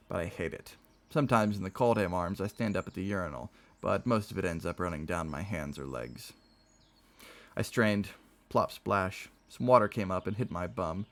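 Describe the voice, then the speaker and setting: A man reading a novel aloud on a stream, with expressive storytelling delivery. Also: sits low.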